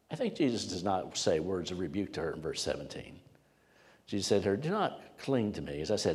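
Male pastor, low voice, emphatic storyteller, long church hall echo. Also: big pitch swings, brisk, a little mellow. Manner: emphatic, storytelling, repeats words for weight. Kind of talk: sermon. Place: church sanctuary with congregation.

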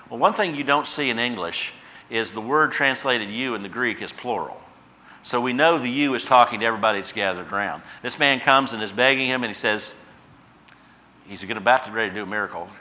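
Male pastor, bright and forceful tone, impassioned sermon delivery with chatty asides. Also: medium pitch, a little hiss or hum. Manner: impassioned preaching, swells loud on repeated phrases then drops quiet; conversational asides to the congregation.

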